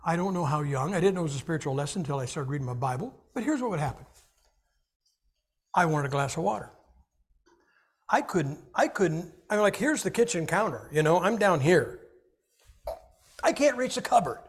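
A man's voice: on the high side, brisk, long pauses, slightly rough. A man preaching a humorous sermon, joking and acting out little scenes. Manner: animated, jokey, acts out little scenes.

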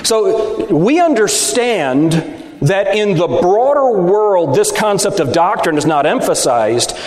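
A man's voice: sits high, very animated, slow, a little mellow. A middle-aged man, a Baptist preacher, giving an emphatic sermon to fellow preachers and often asking them whether they agree. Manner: emphatic, rhetorical, seeking agreement from the audience. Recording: echoey hall, speaker at times off mic.

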